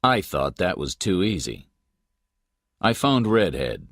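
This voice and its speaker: A man narrating a detective story in the first person, measured and steady, as a scripted audiobook read. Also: low-pitched, no room sound, clean studio sound.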